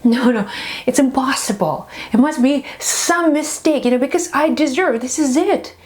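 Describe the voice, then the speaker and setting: A man's voice: very high-pitched, measured pace, darkish tone. A woman voicing a proud, self-righteous village nobleman who pleads and protests. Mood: indignant. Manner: pleading, then indignant.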